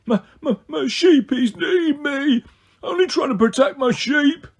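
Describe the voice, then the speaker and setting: A man's voice: high-pitched, huge pitch swings, slow, fairly bright tone, breathy edge, heavily acted. A man voicing a huge male Cyclops monster who whines and sobs, then turns menacing. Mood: sobbing. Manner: whiny, sobbing then menacing.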